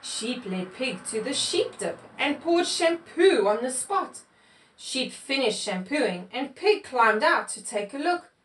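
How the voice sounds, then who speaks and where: A woman reading a picture book aloud to children, in an expressive storytelling manner. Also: high-pitched, takes it slowly, slight background noise. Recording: echoey room, mic far off.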